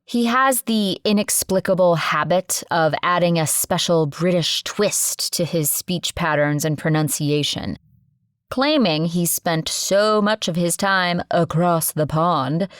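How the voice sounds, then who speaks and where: A woman's voice: fairly low pitch, unhurried, dry recording. A woman narrating a first-person audiobook with sardonic, wry asides, recorded on a close studio mic.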